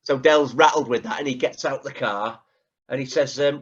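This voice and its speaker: A man chatting on a podcast over a video call, his voice at an everyday middle pitch. The sound is slightly dull and lo-fi. He retells scenes and keeps checking that the others agree. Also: normal speed, breathy edge. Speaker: podcast co-host. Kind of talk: casual chat.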